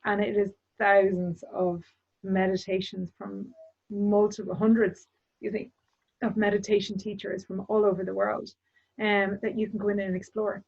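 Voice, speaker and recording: A woman who teaches meditation, chatting and then leading a calm, soft-spoken guided meditation. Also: medium pitch, moderate pace, gravelly, highs cut off.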